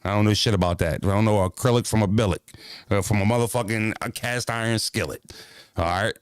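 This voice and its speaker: A man's voice: lowish voice, a little fast, smooth, no room sound. A man vlogging in a casual comedic monologue, profane and rambling, laughing often as he jokes.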